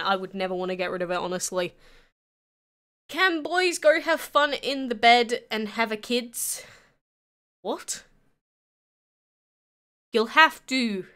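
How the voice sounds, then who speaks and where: A woman's voice: mid-range voice, sharp tone, smooth. A nineteen-year-old woman with an English accent, chatting on a livestream and answering viewers' questions. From England. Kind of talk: casual chat answering live chat.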